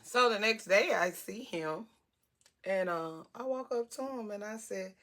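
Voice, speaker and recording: A woman in her forties telling a casual storytime vlog, animated, talkative and blunt, with salty language. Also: mid-range voice, a little slow.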